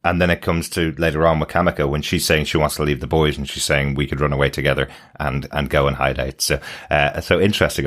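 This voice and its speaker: Deep-voiced British podcast co-host. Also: male voice, a bit bright. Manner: enthusiastic, agreeable, quick to say absolutely. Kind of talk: casual chat.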